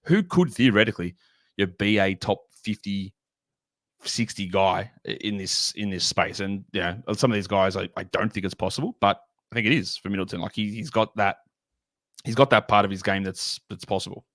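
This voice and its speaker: A man's voice: lowish voice, a little fast, fairly bright tone, dry recording, clean studio sound. A man, a fantasy basketball analyst on a casual podcast, talking through his ideas in loose, rambling sentences full of restarts and "like". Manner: rambling, self-correcting, lots of "like".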